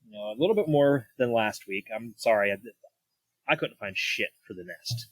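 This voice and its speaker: A man's voice: lowish voice, expressive, normal speed, no room sound. Dry-sounding, laughing male co-host. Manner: laughing, profane, storytelling. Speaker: podcast co-host. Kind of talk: casual film review chat.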